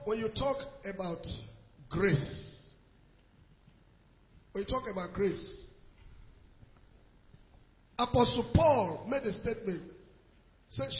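A man preaching as a pastor, answering a question from the congregation with deliberate, emphatic scripture quotes. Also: extremely high pitch, lively intonation. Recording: echoey hall, dull lo-fi sound.

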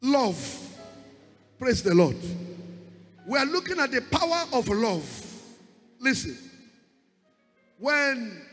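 High-voiced slow preacher in echoing hall. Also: male voice, big pitch swings, fairly bright tone, slightly rough, soft background music. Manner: preaching with dramatic swells, drawn-out stressed words. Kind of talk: sermon.

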